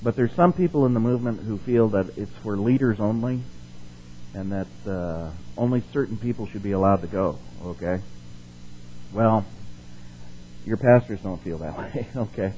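A man's voice: fairly low pitch, normal speed, dark tone, highs cut off, a little hiss or hum. A man preaching a sermon as pastor, reading scripture aloud with rising force and putting questions to his congregation.

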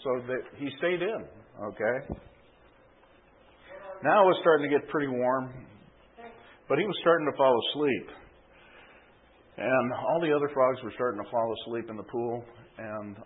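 A man's voice: medium pitch, moderate pace, long pauses. A man preaching a sermon, telling an illustration story and often adding a checking "okay?". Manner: storytelling with frequent tag "okay?". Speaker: pastor. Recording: tinny phone-like sound.

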